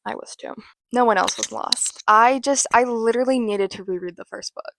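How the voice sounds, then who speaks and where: A woman's voice: a little high, moderate pace, vocal fry, a bit bright, slight background noise. A woman hosting a casual book recap, talking in a rambling, chatty way with self-mocking asides. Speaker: host.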